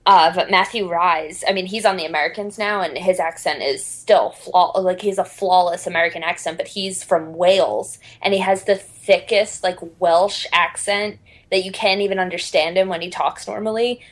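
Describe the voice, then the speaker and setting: A woman's voice: fairly low pitch, fairly even intonation, normal speed. A woman hosting a podcast in casual chat, enthusiastic and laughing often. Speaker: podcast co-host.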